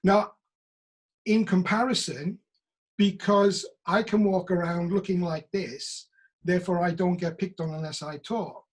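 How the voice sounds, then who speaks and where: A middle-aged Welsh man speaking over a video call, his voice fairly high for a man and noticeably husky. He tells his stories with animation and slips into other people's voices when he quotes them. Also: steady tone, measured pace. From Wales. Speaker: actor.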